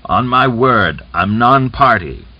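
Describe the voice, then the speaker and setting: A man's voice: mid-range voice, expressive, takes it slowly, dry recording, voice pushed up. A man voicing a defiant, captured male Red Army soldier who answers scornfully. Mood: insistent. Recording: dull lo-fi audiobook recording.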